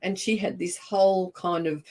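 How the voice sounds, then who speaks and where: A woman's voice: on the low side, steady tone, normal speed, darkish tone. An older woman with an Australian accent, hosting a casual livestream and greeting viewers by name in an effusive, chatty way. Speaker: livestream host. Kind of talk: casual live-stream chat.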